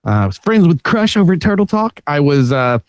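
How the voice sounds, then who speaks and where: A man's voice: fairly high pitch, big pitch swings, a little fast, no echo, clean studio sound. A man guesting on a podcast, telling rambling, self-deprecating stories about his work with plenty of fillers and restarts. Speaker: podcast guest, former theme park show director. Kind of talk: casual podcast chat.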